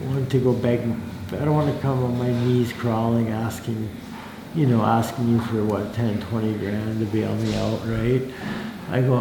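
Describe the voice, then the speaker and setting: A man's voice: medium pitch, fairly even intonation, measured pace, dark tone. A man telling a personal story in casual talk, with many fillers and restarts, and a livelier voice when he quotes other people. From Canada. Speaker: interviewee telling his life story. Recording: echoey room with faint noise.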